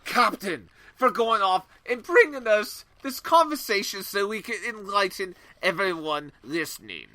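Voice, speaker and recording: A man's voice: sits high, lively intonation, measured pace, hardly any pauses, bright, forceful tone. Rambling, playful man podcast co-host. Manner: rambling, playful, many fillers. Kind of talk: casual chat.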